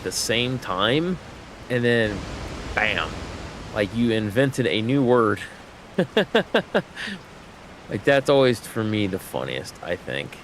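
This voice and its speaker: Over some background noise, a medium-pitched male voice chats casually while streaming a game. He's a native English speaker who rambles, with lots of fillers and restarts.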